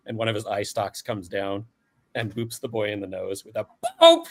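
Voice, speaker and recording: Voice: sits low, steady tone, normal speed. A game master narrating a live-play tabletop game casually, with fillers and frequent laughs.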